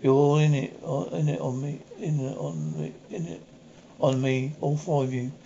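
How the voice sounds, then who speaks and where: A man's voice: on the high side, expressive, moderate pace, gravelly, mellow, slight background noise. A man playing a desperate, paranoid murderer in custody, turning accusing and frantic. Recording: dull lo-fi recording.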